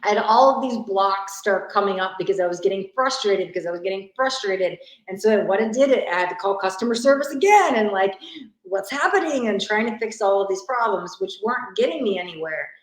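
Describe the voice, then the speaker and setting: Chatty woman coach, mid-pitched, talking loosely to viewers in a bare, echoing room. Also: expressive, fairly quick, hardly any pauses. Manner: chatty, frequent "like" fillers and restarts. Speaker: money mindset coach. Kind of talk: casual live masterclass talk. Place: sparsely furnished new home, echoey. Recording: echoey empty room.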